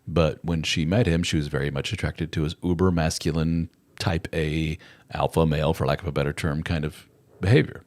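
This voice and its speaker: A middle-aged man hosting a live chat gives advice in a rambling, conversational way, acting out little quotes in other voices. His voice is very deep and a little mellow, with a steady tone and a fairly quick pace.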